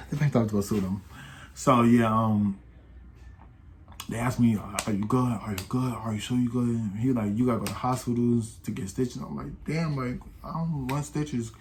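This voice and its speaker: A young man of about eighteen recounts a story in loose, slangy talk, stumbling over restarts and acting out what others said. His voice sits at an ordinary middle pitch. A faint room hum runs underneath. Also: steady tone, moderate pace. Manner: rambling, slangy, with many restarts and acted-out quotes. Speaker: vlogger. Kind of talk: casual storytime.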